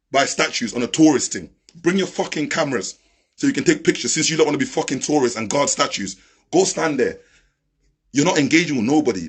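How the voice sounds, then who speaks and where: A man's voice: medium pitch, husky. A man ranting confrontationally on a live stream, repeating himself and swearing. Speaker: social media live host. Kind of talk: heated live-stream rant.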